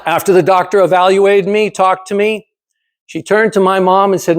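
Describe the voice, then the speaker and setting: Speaking at a normal speed in a steady, high-sitting voice, a man in his seventies presents a prepared motivational talk to a speaking club. He's emphatic, asks rhetorical questions, and keeps coming back to his key phrases.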